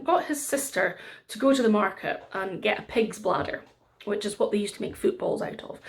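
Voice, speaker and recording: A woman telling a folk tale to children, animated and dramatic, slowing for emphasis. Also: mid-range voice. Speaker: storyteller.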